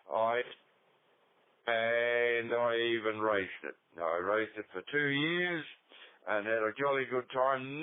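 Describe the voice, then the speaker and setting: A man's voice: mid-range voice, clear, resonant tone, no room sound. An Australian man in his seventies chatting casually on a ham radio net, rambling through anecdotes with dry humor. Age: 70s. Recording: tinny dry radio transmission.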